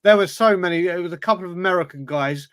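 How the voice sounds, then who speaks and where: High-voiced bloke telling a story. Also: male voice, fast, fairly bright tone, smooth, no room sound, clean studio sound. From England. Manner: storytelling, joshing with mates. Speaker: podcast co-host. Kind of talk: casual banter.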